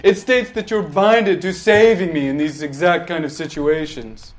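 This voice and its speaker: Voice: medium pitch, normal speed, soft background music, pitched above the performer's own voice, natural voice. A game master voicing a demanding rich captive who makes threats. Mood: haughty.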